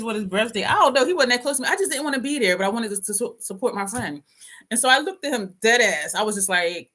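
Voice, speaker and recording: Livestream host, woman in her fifties; high, very lively voice; casual storyteller who laughs constantly and chats with viewers. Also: a little fast. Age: 50s. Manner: laughs often while telling a story, reads viewer comments aloud.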